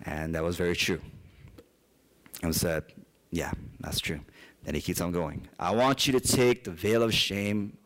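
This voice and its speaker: Young guy preaching, kinda low voice, chatty storytelling, lots of asides. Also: measured pace, pauses often. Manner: conversational, animated storytelling with asides. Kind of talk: sermon with personal stories.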